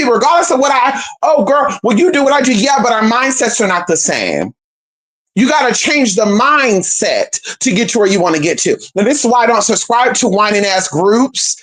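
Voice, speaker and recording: A woman hosting a livestream, talking straight to viewers in a sassy, emphatic, swearing monologue, calling them girl and babe. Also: mid-range voice. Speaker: livestream host.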